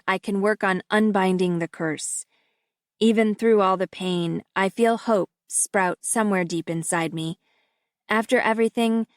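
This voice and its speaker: Slow, measured woman audiobook narrator. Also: mid-range voice, no room sound, clean studio sound. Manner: measured, steady storytelling. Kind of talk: first-person audiobook narration. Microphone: close studio mic.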